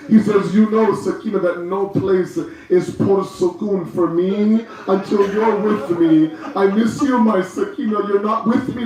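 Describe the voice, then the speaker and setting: A man's voice: high voice, a little mellow. A man giving a mournful majlis sermon, telling the story with passion and swelling into cries. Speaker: majlis speaker. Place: large mourning hall. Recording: very echoey hall from far off.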